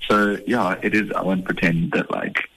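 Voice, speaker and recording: A man from the Eastern Cape, a stand-up comedian talking in a relaxed, hesitant, self-deprecating way in a radio interview. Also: low voice, normal speed, slightly rough, no room sound, rough recording. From Eastern Cape, South Africa. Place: radio studio.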